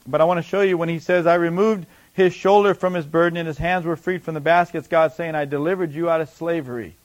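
A man with a high voice preaches a sermon in an easy, conversational way. He asks the congregation rhetorical questions and answers them himself, and his voice swells with emphasis as he presses a point. When he reads scripture, his delivery becomes slow and deliberate. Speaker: pastor.

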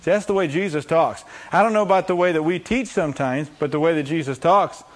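A man's voice: a little high, a little fast. A man preaching a sermon, acting out scripture voices and repeating phrases for emphasis.

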